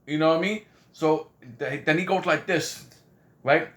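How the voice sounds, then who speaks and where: Rambling man retelling a story, bright tense voice, keeps saying "you know what I mean". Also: fairly high pitch, normal speed. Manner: acts out quoted voices. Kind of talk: casual spoken anecdote.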